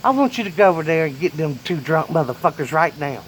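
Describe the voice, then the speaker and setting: A man voicing his short-tempered old grandfather, who yells and cusses gruffly. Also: fairly high pitch, big pitch swings, fast talker, a little hiss or hum. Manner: yelling, gruff and profane.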